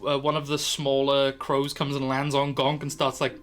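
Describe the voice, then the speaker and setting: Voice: mid-range voice, completely flat delivery, moderate pace, a little hiss or hum. A dungeon master narrating a tabletop game in a loose, chatty way full of fillers.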